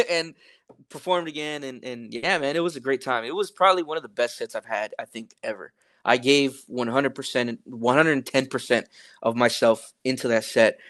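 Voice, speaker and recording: A man's voice: medium pitch, no echo, clean studio sound. A young man, a rapper guest on a podcast, telling a story casually, with lots of fillers and swearing. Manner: laid-back, profane, many fillers, animated retelling.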